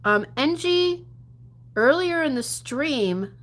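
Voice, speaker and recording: A woman's voice: high voice, lively intonation, slow pace, a bit bright. A woman chatting casually on a livestream, answering viewer comments, laughing often and dropping to mutters and whispers. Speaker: gambling livestreamer.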